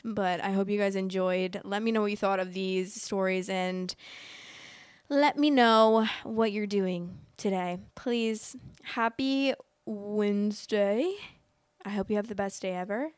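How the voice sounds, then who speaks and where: A woman's voice: mid-range voice, smooth, dry recording, clean studio sound. A young woman hosting a casual storytelling vlog, chatty and rambling, filling her talk with "like", emotional as she tells it. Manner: chatty, rambling, many likes. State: emotional, teary. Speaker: host.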